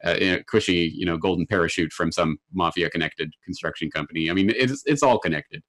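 Low-voiced man explaining economics calmly. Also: brisk. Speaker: guest commentator. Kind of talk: casual chat. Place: Japan.

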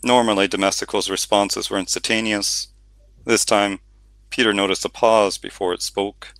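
A male audiobook narrator with a gravelly, fry-laden voice that still has a bright, forceful edge. He sits slightly low in pitch and tells the story steadily. The recording is dry and close. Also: moderate pace, dry recording. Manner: steady storytelling with occasional reading slips. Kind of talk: scripted narration.

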